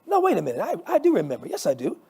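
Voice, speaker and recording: An earnest middle-aged pastor voiced by a male storyteller talks in a fairly high, lively voice. He hesitates and fills with little words, then insists warmly, the pitch moving a lot. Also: rapid-fire, gravelly, breathy edge, exaggerated voice. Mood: remembering. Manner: hesitant, chatty, with fillers.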